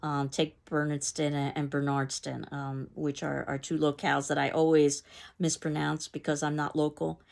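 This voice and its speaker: A woman teaching a class, explaining in a measured way with some fillers and restarts. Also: low voice, little pitch movement, creaky, darkish tone. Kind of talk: recorded lecture.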